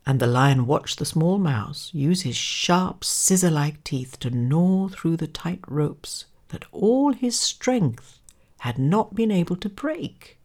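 A woman narrating a children's fable in a dramatic, expressive way, sometimes dropping to a hush. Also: deep voice, slow pace. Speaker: storyteller.

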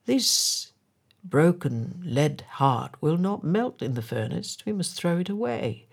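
A woman's voice: lowish voice, big pitch swings, slow, creaky, breathy edge, full character voice. A woman voicing a puzzled male foundry overseer in a storybook reading.

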